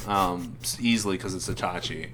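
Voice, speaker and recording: A man's voice: sits low, normal speed, background noise. A young man telling a story for laughs, rambling and restarting his sentences. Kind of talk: casual comedic retelling.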